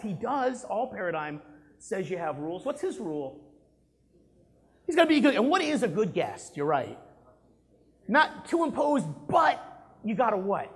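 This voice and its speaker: A man giving a live sales talk to an audience, animated, asking the room questions and acting out examples. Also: sits high.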